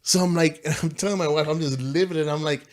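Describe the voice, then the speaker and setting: Talking fast in a higher-than-average voice, this pastor spins animated, slangy stories in a relaxed podcast chat. "Bro" and "dude" pop up often.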